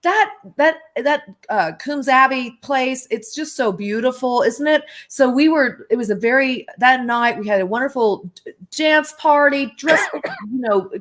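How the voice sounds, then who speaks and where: A woman's voice: high voice, a little slow, a bit bright. A woman in her sixties, a guest on a live video-call chat, talking chattily and laughing often. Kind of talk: casual live-chat interview.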